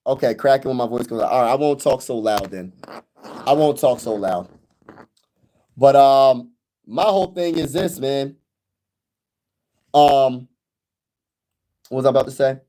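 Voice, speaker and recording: A man hosting a casual sports fan livestream, talking excitedly and repeating himself, calling viewers y'all and bro, recorded on a phone with no external mic that crackles when he gets loud. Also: measured pace, pauses often. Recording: audio crackles on louder high notes.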